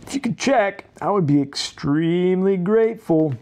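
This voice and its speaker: A jittery storybook boy who frets about monsters, as a male reader puts him on. He pleads anxiously in a voice that is high and lively, climbing even higher as his fears grow. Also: normal speed, slight background noise. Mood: anxious pleading.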